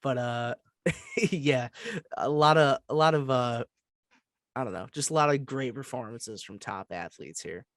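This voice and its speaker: A man's voice: mid-range voice, measured pace, a bit bright, no room sound, clean studio sound. A young man co-hosting a sports podcast, talking casually and restarting his sentences as he goes. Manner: chatty, trails off and restarts. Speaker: podcast co-host.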